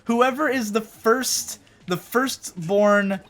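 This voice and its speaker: A man's voice: sits high, slow pace, fairly bright tone. A young man co-hosting a casual gaming chat at home, rambling through a story with loose swearing and jokey exaggeration. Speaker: co-host. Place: home room.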